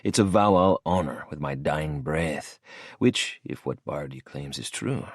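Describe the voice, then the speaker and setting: A man's voice: rumbling low, expressive, measured pace, no room sound. A man narrating a first-person audiobook in a cool, hard-edged manner, close to the mic.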